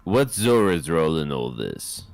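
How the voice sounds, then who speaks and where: A man's voice: rumbling low, sing-song, measured pace, creaky, a little mellow, dry recording. A man reading and acting out a detective's lines in a video game, joking and laughing between lines. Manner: joking, laughs often, reads lines aloud. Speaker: game player voicing the detective.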